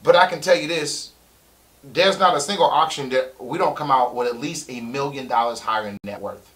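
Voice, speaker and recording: A middle-aged man, coaching on a live stream, excitable, repeating key points for emphasis. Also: medium pitch, fairly quick. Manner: breaks into loud shouting impressions. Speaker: real estate coach. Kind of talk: live-stream sales pitch.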